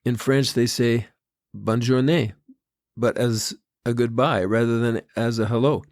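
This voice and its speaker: An older man hosting a podcast, telling stories in a gentle, unhurried devotional talk. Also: medium pitch, little pitch movement, dry recording, clean studio sound. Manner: gentle, unhurried storytelling with quoted foreign phrases. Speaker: podcast host. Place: Tahiti.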